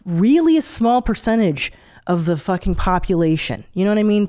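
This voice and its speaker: A woman's voice: lowish voice, dark tone. A woman in her forties hosting a podcast, chatting in a blunt, profane way and laughing often. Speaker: podcast host. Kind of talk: casual comedic monologue.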